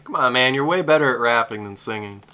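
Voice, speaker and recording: A man's voice: medium pitch, animated, fast. A man streaming a reaction to a music video, chatting casually, laughing often and rambling with restarts.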